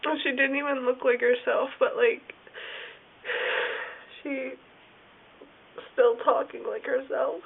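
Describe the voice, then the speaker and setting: A woman talking in a casual video diary, rambling and halting, with lots of "like" fillers. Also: sits high, fairly even intonation, vocal fry, husky. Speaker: vlogger. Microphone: phone or camera filming herself. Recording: tinny phone-like sound with faint hiss.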